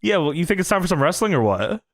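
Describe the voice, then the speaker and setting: A man's voice: high voice, big pitch swings, fast. A man co-hosting a podcast, recapping a wrestling show in casual, profane, laugh-filled chat. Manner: laughs often, profane, retells scenes in mock voices. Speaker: podcast co-host.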